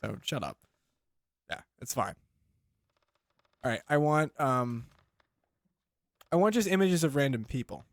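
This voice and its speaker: A man hosting a comedy podcast, chatting casually and riffing on jokes with quick tangents. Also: medium pitch, very animated, dry recording. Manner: rambling, joking, quick tangents. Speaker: podcast host.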